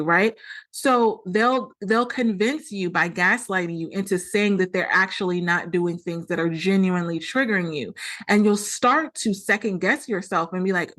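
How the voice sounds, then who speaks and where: A woman's voice: mid-range voice, moderate pace, a bit bright. A woman hosting a solo podcast, explaining earnestly and often acting out quoted dialogue. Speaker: podcast host.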